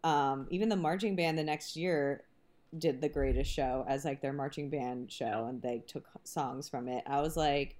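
Low-voiced woman chatting animatedly. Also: moderate pace. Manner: animated, laughing, casual. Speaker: podcast co-host; high school staff. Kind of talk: casual chat.

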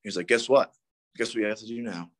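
A man's voice: fairly low pitch, steady tone, fast talker, noisy background. A man in his thirties telling a rambling, profane story at a recovery meeting. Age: 30s. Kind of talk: casual storytelling talk.

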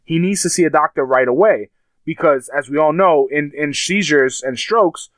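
A man's voice: on the high side, normal speed, a bit bright, no room sound. A man telling a heated story in casual chat, swearing often and acting out what others said.

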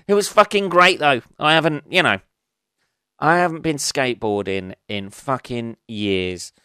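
A man's voice: mid-range voice, lively intonation, takes it slowly, pauses often, sharp tone, clean tone, no room sound, studio quality. A man in his forties hosting a podcast, rambling through a sweary, ranting solo monologue. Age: 40s. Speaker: podcast host.

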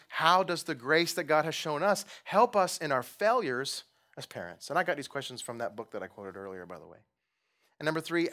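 A man's voice: a little high, sharp tone. A young adult man preaching a casual, conversational sermon in church, joking at his own expense and asking the audience questions. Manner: conversational, self-deprecating, asks the audience questions. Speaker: pastor.

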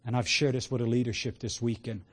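A man preaching a sermon with passion, moving between hushed words and loud exclamations. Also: mid-range voice, little pitch movement, fast talker. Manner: sprinkles in laughter and cries of "whoa".

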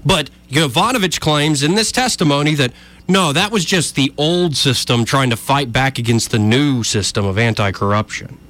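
A man's voice: mid-range voice, moderate pace, fairly bright tone. Emphatic male political commentator. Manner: emphatic, argumentative, addresses listeners as folks. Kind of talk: opinion commentary.

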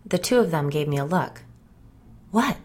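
Low-voiced woman narrating an audiobook. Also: expressive, brisk, a little mellow.

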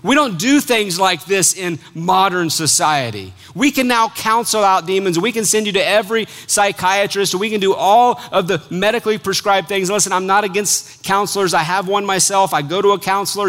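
A man with a fairly high voice preaching a sermon. He reads scripture aloud, then breaks it down in an animated, conversational way and jokes with his listeners. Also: moderate pace, few pauses. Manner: animated, conversational, joking with the congregation.

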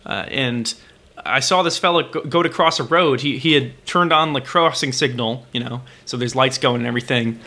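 A man's voice: mid-range voice, moderate pace, hardly any pauses, pushed and bright. A man co-hosting a podcast, telling rambling, profane stories in casual chat. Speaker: podcast co-host.

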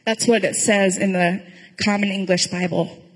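Pastor giving a sermon, kinda breathy, chatty storytelling, echoey church. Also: female voice, medium pitch, fairly even intonation, normal speed. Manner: conversational storytelling, dry humor.

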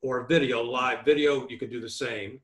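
A man in the middle of an interview, teaching negotiation tactics for real estate. He speaks at a mid pitch, stresses his points firmly and lays them out one by one. His voice carries a clear echo from the room around him. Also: fairly even intonation, normal speed. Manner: emphatic, instructive, list-like delivery. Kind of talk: remote interview.

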